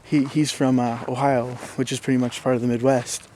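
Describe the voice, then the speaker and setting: A young man with a Minnesotan accent, talking casually to his viewers in a relaxed, rambling way with plenty of fillers. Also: medium pitch, fairly quick, slight background noise. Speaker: YouTuber. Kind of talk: casual talk to camera.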